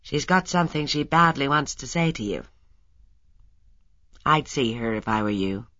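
A woman reading an audiobook and voicing a brisk, blunt male doctor. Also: a bass voice, animated, pushed and bright, no room sound, lo-fi sound, heavily acted. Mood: frank. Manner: blunt, matter-of-fact.

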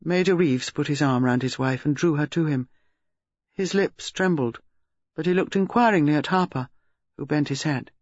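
A man narrating a detective novel in a measured storytelling manner. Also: a little high, no echo, lo-fi sound. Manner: measured, gives characters distinct voices. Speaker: audiobook narrator. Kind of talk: scripted narration.

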